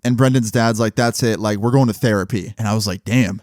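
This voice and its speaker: A man's voice: medium pitch, fairly even intonation, fairly quick, few pauses, darkish tone, dry recording, studio quality. A young man telling a long story casually, cursing freely and quoting the people involved. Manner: profane, rambling, retells dialogue in quotes.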